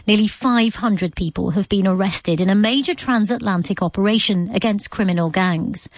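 A woman presenting live radio news from a studio in a crisp, formal read. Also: mid-range voice, normal speed, no echo.

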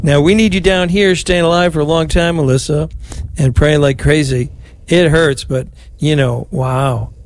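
An older man with a somewhat high voice leads a broadcast rosary as a priest. Between prayers he chats warmly with callers and comforts them. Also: steady tone, normal speed, few pauses, a little hiss or hum. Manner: warm, chatty, consoling. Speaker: priest leading a call-in rosary.

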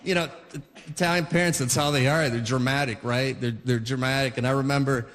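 A male comedian telling a family story on stage in an animated, chatty way with many asides. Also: mid-range voice, fairly quick. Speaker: stand-up comedian. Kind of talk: stand-up storytelling. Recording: echoey hall with clear background noise.

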